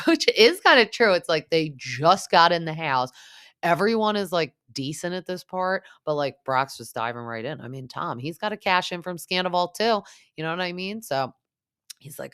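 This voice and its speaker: A woman's voice: low-pitched, lively intonation, moderate pace, a bit bright, no room sound, studio quality. A woman hosting a casual reality-TV recap podcast, gossipy and chatty, full of "like" and "um". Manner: gossipy, frequent "like" and "um", mimics cast members.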